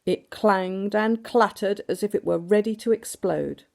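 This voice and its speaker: A woman reading a storybook aloud to children in an animated way, doing sound effects and asking the listeners questions. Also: medium pitch, a little slow, vocal fry.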